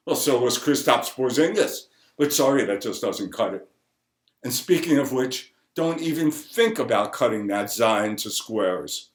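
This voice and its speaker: A man's voice: medium pitch, lively intonation, normal speed, roomy sound. A man delivering a sarcastic comic monologue, ranting through rhetorical questions. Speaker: comedian.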